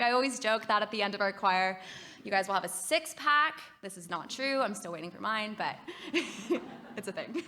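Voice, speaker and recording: A Canadian woman talks to a conference audience about music therapy. Her voice is bright and forceful. She is upbeat and encouraging as she leads the room through simple exercises. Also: on the high side. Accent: Canadian English. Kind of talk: conference presentation. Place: conference hall.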